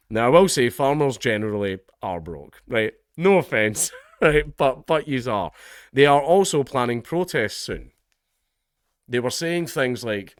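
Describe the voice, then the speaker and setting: Scottish man, sardonic vlog commentary, chuckles a lot, mid-pitched voice, dry close sound. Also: big pitch swings, measured pace, dry recording. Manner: sardonic, laughs often while talking. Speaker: political commentator.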